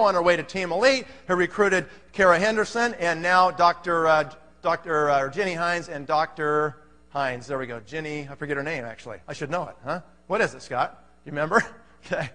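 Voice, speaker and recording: A man giving an animated motivational sales talk to a live audience, often checking in with the crowd. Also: high-pitched. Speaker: conference speaker. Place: large hall. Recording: reverberant hall.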